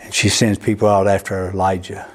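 A man preaching a sermon, telling a story with restarts and repeated words, his pitch jumping upward at emotional peaks. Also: level tone, fairly quick. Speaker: pastor.

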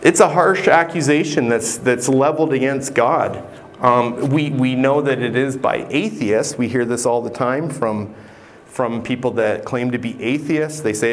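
A man's voice: medium pitch, a little slow. Earnest preaching man, faint hiss. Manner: earnest, conversational preaching with occasional restarts. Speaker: pastor. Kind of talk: sermon.

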